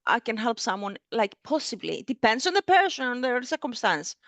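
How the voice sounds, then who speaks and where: Woman therapist, co-host; higher voice, halting delivery full of fillers, dry close sound. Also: very animated, no echo. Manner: hesitant, many fillers and restarts. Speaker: therapist and book club co-host. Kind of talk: casual discussion on a video call. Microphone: video call.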